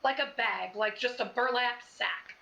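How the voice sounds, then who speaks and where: A woman's voice: a little high, a little slow, creaky, pushed and bright, lo-fi sound. A woman playing a tabletop game, speaking hesitantly with many fillers. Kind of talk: casual play at a tabletop game.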